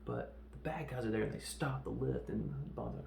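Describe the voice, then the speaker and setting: Gravelly guy rambling thru a movie recap, doing the lines and sound effects, echoey room. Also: mid-range voice, normal speed, darkish tone. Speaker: podcast host reviewing films. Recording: roomy echo, faint background noise.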